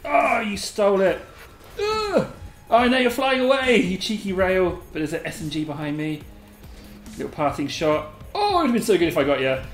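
A host giving live gameplay commentary, excitable and giggly, squealing a high catchphrase, then muttering quietly to themself. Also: normal speed. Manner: mutters quietly to self between bursts. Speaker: gaming video host. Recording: roomy echo, faint game music behind.

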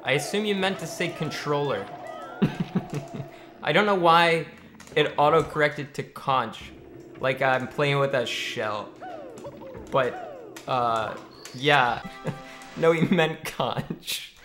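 A man's voice: fairly high pitch, slow pace, long pauses, sharp tone, soft background music. A young man streaming a game live, chatting with viewers, joking and swearing when the game goes wrong. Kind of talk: live gameplay streaming chat.

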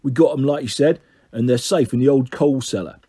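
A man voicing a gruff male crook with a deep growl and a Cockney accent. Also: brisk, mellow, no room sound, studio quality, close to an everyday voice.

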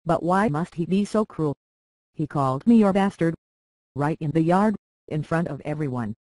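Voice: medium pitch, animated, normal speed, darkish tone, no echo, lightly acted. A reader voicing Elaine, a proud young noblewoman. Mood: earnest. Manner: pleading, then sharply biting. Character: young noblewoman, proud but hurt, quick-tongued. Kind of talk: audiobook character reading.

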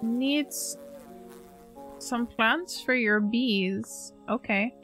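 Woman streamer, slightly high voice, unhurried and playful, faint game music behind. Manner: gentle, playful, talks to game characters. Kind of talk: casual gameplay commentary.

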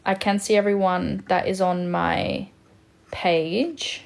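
A woman's voice: lowish voice, steady tone, takes it slowly, creaky. A woman in her twenties from Western Australia with an Australian accent, chatting on a phone live stream and answering viewer comments. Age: 20s. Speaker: livestreamer. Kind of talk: casual live-stream chat reading comments.

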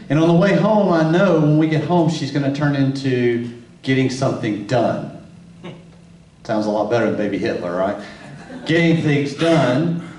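A man speaks at a church marriage conference, telling frank and self-deprecating stories about his home life. He is heard from across an echoey hall, well back from the microphone, and his pitch sits at an ordinary middle level for a man. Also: a little mellow, distant mic, slight background noise. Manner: candid, self-deprecating storytelling. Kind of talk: church talk.

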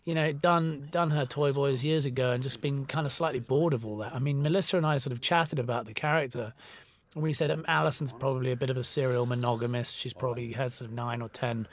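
A man's voice: medium pitch, steady tone, quick pace, hardly any pauses. A man from the United Kingdom talking through a film commentary in a loose, conversational way with many fillers. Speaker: film director.

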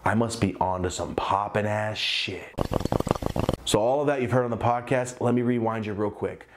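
A young man telling a personal story in a casual vlog, swearing often and acting out the other voices in the story. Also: medium pitch. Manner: profane, animated, acts out quoted voices.

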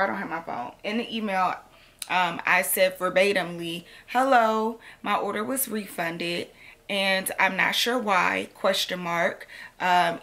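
A young woman, chatting to camera in a sassy, animated storytelling way. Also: mid-range voice. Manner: animated, sassy storytelling, addresses viewers as sis and girl. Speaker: vlogger. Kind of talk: casual chat to camera.

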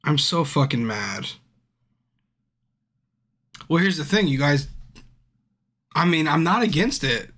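A man's voice: a little high, big pitch swings, slow, long pauses, a bit bright. A drunk man streaming a game, chatting casually with his viewers by name, frustrated and swearing a lot. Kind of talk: casual live-stream chat.

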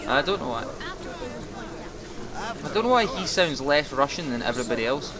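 A man's voice: on the high side, very animated, moderate pace, a crowd in the background. Chatty young man playing a game. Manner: chatty, jokey, talks to viewers. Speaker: gaming commentator. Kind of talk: casual let's-play commentary.

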